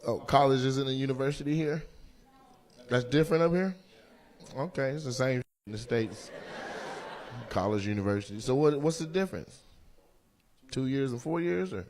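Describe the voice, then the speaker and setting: Loud teasing male comedian on stage. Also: medium pitch, expressive, normal speed, pauses often. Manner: loud teasing banter, puts on voices of audience members. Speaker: stand-up comedian. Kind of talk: stand-up crowd work. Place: comedy club stage before a live audience. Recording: faint crowd ambience, audience laughter.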